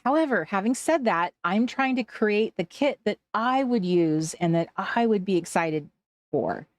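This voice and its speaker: A woman from Washington State hosts a laid-back craft livestream, reading viewer comments, laughing often, and trailing off mid-sentence. Her mid-range voice is animated and unhurried, and the recording is dry.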